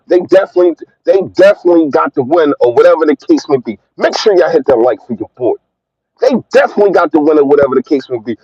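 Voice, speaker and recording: A man's voice: sits high, dry recording, muffled recording. A man hosting a fan livestream, ranting in a heated, emphatic way and repeating his points. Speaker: fan channel host.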